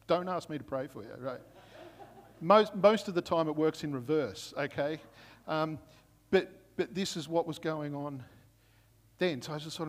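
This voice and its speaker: Male pastor, higher-pitched and chatty, who keeps checking in with the room while he preaches a sermon, heard with a long echo in a church hall. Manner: conversational storytelling, frequent "right?" check-ins.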